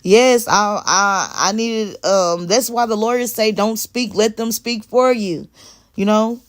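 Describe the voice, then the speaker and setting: A woman's voice: medium pitch, takes it slowly. Emphatic woman livestreaming on her phone. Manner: emphatic, repeats phrases, responds to chat. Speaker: livestreamer talking to viewers. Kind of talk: casual live stream talk.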